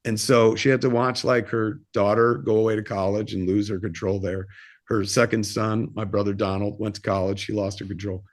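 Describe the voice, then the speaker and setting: In a casual interview, a man in his fifties who makes films rambles through a personal anecdote, cursing openly and using plenty of filler words. He speaks at normal speed in a lowish voice with a flat delivery.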